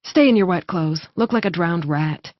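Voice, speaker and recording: A woman's voice: on the low side, moderate pace, no echo, highs cut off, natural voice. Commanding wolf-shifter lieutenant, read by a woman. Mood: brisk teasing. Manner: commanding, teasing.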